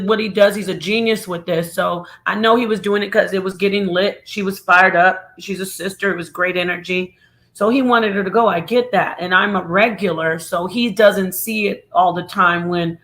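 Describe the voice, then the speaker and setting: A woman's voice: mid-range voice, a bit bright. A middle-aged woman giving a heated, profane monologue as a regular on an online show, emphatic and repetitive.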